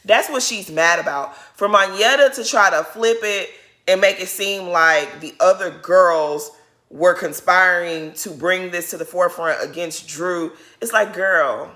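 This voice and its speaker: A young woman talks straight at the camera in a bright, clear voice. Her reality-show recap is sassy and blunt, and she sounds fed up with the cast. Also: lowish voice, a little slow. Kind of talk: casual commentary.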